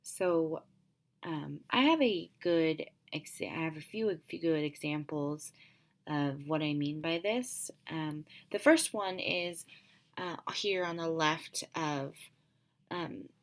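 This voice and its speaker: A woman's voice: deep voice, slow. A young woman giving a casual class presentation as a student, hesitant and full of filler ums.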